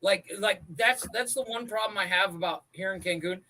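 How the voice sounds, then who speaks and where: A man's voice: sits high, normal speed, sharp tone, slight background noise, poor audio. A man co-hosting a comedy podcast from his home, chatting casually with lots of fillers. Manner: chatty, filler-heavy, laughs easily. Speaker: podcast co-host. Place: home in Cancun.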